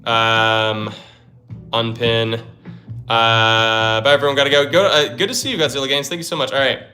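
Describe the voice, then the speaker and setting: In a bright, forceful mid-range voice with a steady tone and normal speed, a young man runs a casual live stream. He reasons aloud while solving puzzles and gets himself hyped when they click, over faint lo-fi music.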